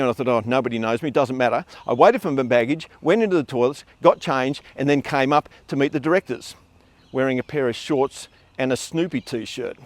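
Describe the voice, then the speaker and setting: A middle-aged man telling a funny personal anecdote in a casual, animated way. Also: medium pitch, no echo. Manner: animated, acts out voices in his tale. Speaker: storyteller.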